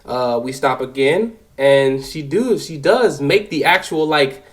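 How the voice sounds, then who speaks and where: A young man in his twenties telling a personal story, animated and profane, with lots of fillers. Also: a little high, measured pace, rough recording. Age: 20s. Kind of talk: casual spoken storytelling.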